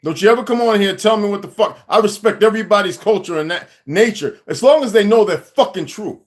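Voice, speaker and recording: A man's voice: sits high, expressive, fast talker. A man hosting a livestream, ranting at a viewer in an aggressive, profane, confrontational way. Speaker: livestream host. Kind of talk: angry livestream rant.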